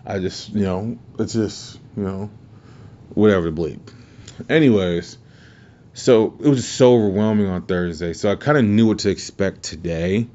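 A man's voice: fairly low pitch, normal speed, mellow. A man hosting a podcast, telling a story in a casual, rambling, profane way with plenty of restarts. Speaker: podcast host. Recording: muffled lo-fi recording.

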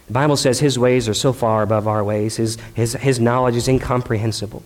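A man's voice: mid-range voice, fairly even intonation, a little fast, few pauses. A male pastor preaching a sermon in a conversational, dramatic way, asking the crowd questions and acting out the voices he quotes.

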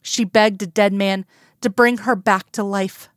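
A woman reading a romance story aloud as narrator, in a calm, even storytelling manner. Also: mid-range voice, unhurried, no room sound, clean studio sound. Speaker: audiobook narrator.

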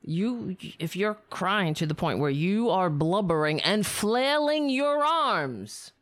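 A woman's voice: mid-range voice, sing-song, takes it slowly, no echo. A woman hosting a show and delivering political commentary in a profane, sarcastic and indignant way. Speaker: show host.

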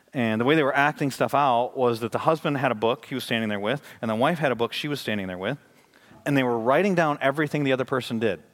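A man's voice: medium pitch, a bit bright. A man giving a sermon to his congregation, talking in a conversational way and rising to emphatic, questioning passages. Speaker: pastor.

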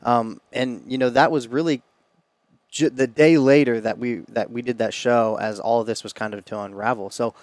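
A man co-hosting a podcast in casual chat, giving short agreeing replies and halting, restarting remarks. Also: mid-range voice, steady tone, dry recording. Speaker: podcast co-host.

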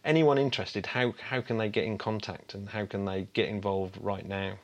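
A man's voice: fairly low pitch, steady tone, normal speed. A man co-hosting a podcast in casual chat, enthusiastic, with many stammered restarts. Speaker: podcast co-host.

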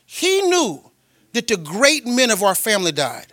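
A man preaching a sermon as a pastor, telling personal stories in a colloquial way, with delivery that swings from loud and emphatic to quiet and tender. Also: sits high, sing-song, normal speed, no echo. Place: church.

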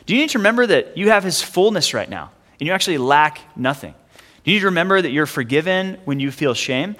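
A man in his thirties preaching a sermon as a pastor, casual and conversational, with frequent fillers and quick asides. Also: fairly high pitch, animated, a bit bright. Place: church sanctuary. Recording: long hall reverb.

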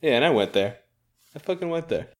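A man's voice: fairly high pitch, sing-song. A man co-hosting a podcast in casual banter, making crude jokes and laughing often. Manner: jokey, crude, quick to laugh.

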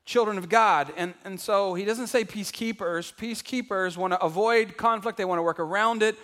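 A man preaching a sermon to a congregation, animated and calling out to the crowd, acting out everyday voices for laughs. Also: high voice, in a large hall. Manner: acts out household voices for laughs. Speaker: pastor. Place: large church hall.

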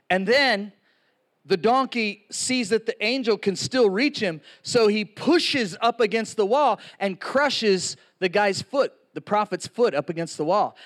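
A man preaching a sermon, telling stories with lively acted-out quotes. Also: high voice. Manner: animated storytelling with acted-out quotes.

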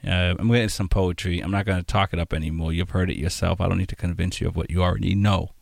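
A man hosting a poetry radio show, talking casually and haltingly. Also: deep voice, steady tone, vocal fry, no room sound, clean studio sound. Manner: halting, with fillers and restarts. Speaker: radio host. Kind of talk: casual radio host chat.

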